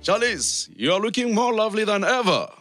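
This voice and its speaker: A man impersonating a smarmy male TV talk-show host who flatters his guests. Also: sits high, a little fast, faint music behind.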